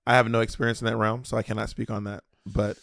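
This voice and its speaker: A man's voice: fairly low pitch, little pitch movement, fast, creaky, fairly bright tone, dry recording, clean studio sound. A man co-hosting a podcast, chatting casually in a theatrical way and tripping over repeated words. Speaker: podcast co-host. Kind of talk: casual chat.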